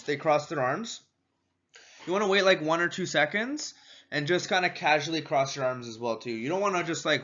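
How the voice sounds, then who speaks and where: A man with a bright, forceful voice, a bit higher than most, teaching in a casual, energetic way. He keeps repeating his key points and now and then acts out quick exchanges. The audio is slightly dull and lo-fi. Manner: energetic, repetitive, acts out little door-step exchanges. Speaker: sales and marketing trainer.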